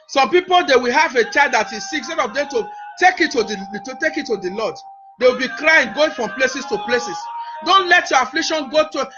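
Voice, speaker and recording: A male preacher delivering a sermon, urging listeners with emphatic, repetitive phrases and frequent restarts. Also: very high-pitched. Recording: dull lo-fi with music behind. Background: music.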